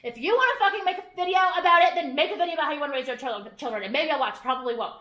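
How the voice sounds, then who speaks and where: High-voiced woman vlogger, confrontational and profane, casual filler-heavy rant. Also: lively intonation, rapid-fire, sharp tone. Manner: combative, profane, full of "like" fillers.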